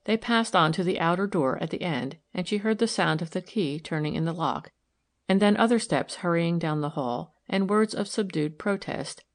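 A woman reads a mystery novel aloud in a steady, even narrating voice. Her pitch sits low for a woman, and the pacing is unhurried. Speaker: audiobook narrator.

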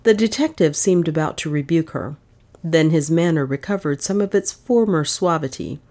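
A woman reading a novel aloud as an audiobook narrator, with expressive storytelling. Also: deep voice, moderate pace. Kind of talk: scripted narration.

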